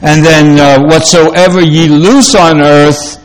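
A man delivers a sermon haltingly, full of fillers and restarts, and he slows down whenever he reads scripture aloud. His voice sits on the high side, and the recording is rough.

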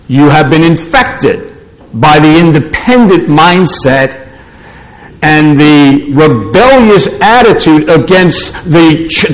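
High-voiced preacher, slow and emphatic. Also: male voice, fairly bright tone, rough recording. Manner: emphatic, scolding preaching with repeated short declarations. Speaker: pastor. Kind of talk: sermon.

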